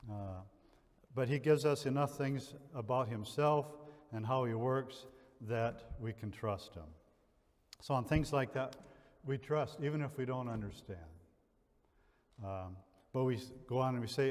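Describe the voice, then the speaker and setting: A man's voice: mid-range voice, normal speed, darkish tone. Man, pastor, Upper Midwest accent, casual rambling sermon, long church echo. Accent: Upper Midwest American. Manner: conversational, many fillers and restarts. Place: church sanctuary.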